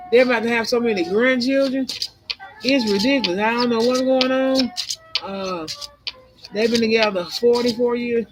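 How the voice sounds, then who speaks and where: A woman's voice: a little high, rough recording. Rambling conspiratorial woman over music. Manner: conspiratorial, meandering, laughs between thoughts. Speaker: tarot and spiritual channel host. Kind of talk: rambling spiritual monologue. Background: music playing.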